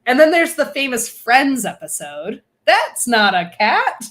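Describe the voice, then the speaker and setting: A woman co-hosting a casual podcast chat, talking in animated, quick bursts of enthusiasm. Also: sits high. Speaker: podcast co-host.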